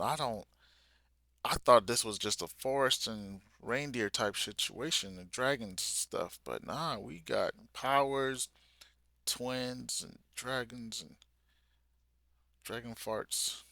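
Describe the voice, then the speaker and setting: A young man hosting a live manga reaction, reading aloud and reacting in excited, slangy casual talk. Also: fairly low pitch, unhurried, no room sound, studio quality. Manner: excited, slangy, talks along while reading.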